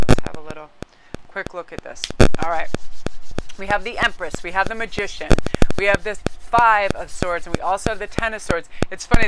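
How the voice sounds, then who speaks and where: A woman's voice: mid-range voice, a bit bright, clear, resonant tone. A woman giving a casual tarot reading, chatting with her viewers and aside to her cat. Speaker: tarot card reader.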